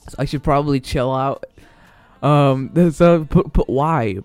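A man hosts a solo podcast, talking off the cuff with plenty of swearing and false starts. His voice is smooth and sits dry and close on the mic. Quiet music runs underneath. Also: medium pitch, measured pace, no echo. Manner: rambling, swearing, lots of fillers and restarts. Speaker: podcast host. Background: faint background music.

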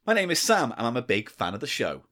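A man's voice: mid-range voice, huge pitch swings, fast talker, fairly bright tone. A man co-hosting a comedy podcast, bantering crudely and laughing often. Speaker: podcast co-host. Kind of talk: casual comedy podcast chat.

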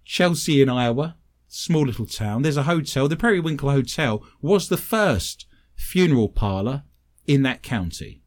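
Animated british man telling funny stories. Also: medium pitch, normal speed. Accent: British English. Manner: animated, self-mocking anecdotes. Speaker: paranormal investigator and medium, guest. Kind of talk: casual storytelling on a talk show.

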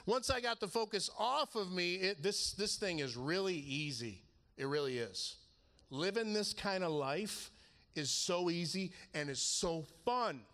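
A man's voice: high voice, lively intonation, measured pace, a bit bright. A man preaching in a casual storytelling way, laughing as he acts out the conversations in his story. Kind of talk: storytelling sermon.

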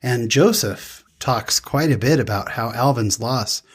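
A man's voice: medium pitch, a little slow, breathy edge. A man interviewing a guest in casual chat, with stammering restarts. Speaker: interviewer, host.

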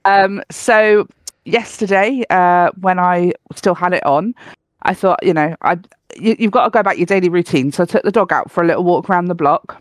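Podcast host telling a funny story, chatty and animated, dry close mic. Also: medium pitch, normal speed, dry recording. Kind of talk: casual chat, storytelling.

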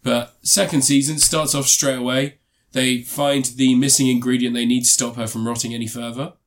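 Casting: male co-host, casual rambling reviewer, mid pitch, loose chatty delivery. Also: little pitch movement, moderate pace. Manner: rambling, frequent ums and restarts.

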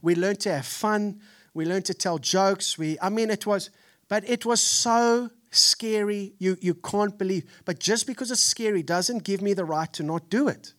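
A man in his forties with a Texan accent, preaching a sermon in an animated, storytelling way. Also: high voice, normal speed. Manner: animated storytelling, acts out family voices. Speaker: pastor. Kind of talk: sermon with personal stories.

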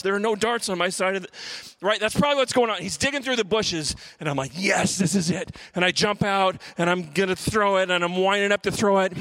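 A man's voice: high-pitched, fairly bright tone, dry recording. A man telling a long comic story as stand-up, acting out voices and sound effects as he goes. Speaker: stand-up comedian.

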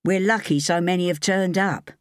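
Woman voicing a kind young assistant man, calm, reassuring, dry close sound. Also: on the low side, moderate pace, no room sound, natural voice.

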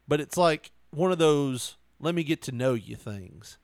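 A man's voice: medium pitch, lively intonation, moderate pace, a little mellow, no room sound, clean studio sound. A man telling a story in casual chat, laughing often and acting out quotes.

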